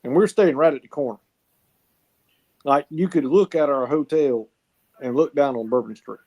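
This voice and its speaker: A man's voice: fairly high pitch, normal speed, mellow. A man from South Carolina with a Southern accent, telling folksy stories in a casual chat, repeating words as he goes.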